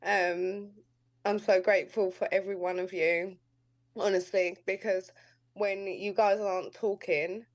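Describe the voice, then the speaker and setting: A woman with a London accent talks on a video call at a recovery meeting. Her pace is slow and halting, with frequent ums as she shares. Her pitch sits in the middle of the range. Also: flat delivery. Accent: London English. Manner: hesitant, many fillers, grateful. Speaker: meeting participant.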